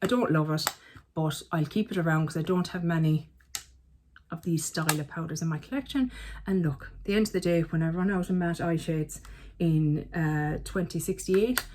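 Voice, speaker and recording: A woman's voice: deep voice, moderate pace, darkish tone, a little hiss or hum. A woman, chatting casually as a beauty vlogger, full of self-mocking asides. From Ireland. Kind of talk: casual chat.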